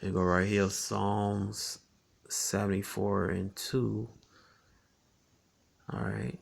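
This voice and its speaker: A man with a low, gravelly voice gives a loose, chatty Bible teaching. He keeps saying "man" and "all right" as he goes, and slows down to read the verses. His talk is broken up by frequent chuckles. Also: little pitch movement, fairly bright tone. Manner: conversational, tags lines with "man" and "all right"; reads scripture slowly and deliberately. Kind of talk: informal scripture teaching.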